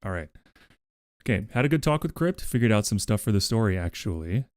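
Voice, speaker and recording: Low-voiced streamer man, rambling. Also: very animated, a little fast, darkish tone, no room sound, studio quality. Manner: rambling, thinks aloud with fillers. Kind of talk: casual livestream chat.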